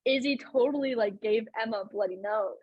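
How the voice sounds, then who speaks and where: Podcast host, young woman, breathy and slightly high, dry muffled recording. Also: brisk, dry recording. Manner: chatty, lots of fillers and laughs. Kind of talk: casual chat.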